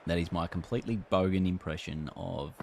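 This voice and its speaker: A man's voice: low voice, fairly even intonation, a little fast, gravelly, a little mellow, a little hiss or hum. An Australian man chatting casually on a live stream, reacting to a game and reading chat aloud. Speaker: gaming streamer.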